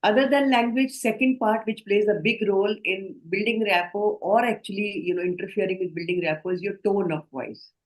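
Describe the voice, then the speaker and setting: This online lecture features a woman with an Indian English accent training people in healthcare communication; she is measured and explanatory and regularly quizzes the group. She speaks in a mid-range voice over poor-quality audio.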